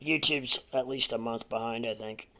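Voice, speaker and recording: A man's voice: medium pitch, steady tone, normal speed, bright, forceful tone. A man hosting a livestream in a loose, laughing casual chat, thanking viewers as he goes. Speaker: livestream host.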